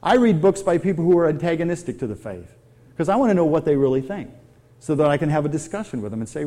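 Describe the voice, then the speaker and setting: A man's voice: a little high, big pitch swings, fast talker, dark tone. A middle-aged man preaching a sermon, conversational and full of questions to his audience. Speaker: pastor.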